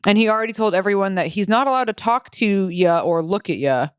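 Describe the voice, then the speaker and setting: Young female podcast co-host, crisp voice in a dead-dry booth, foul-mouthed and giggly. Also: mid-range voice, expressive, a little fast, no room sound. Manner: profane, laughs while reading stories aloud. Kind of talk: casual podcast chat.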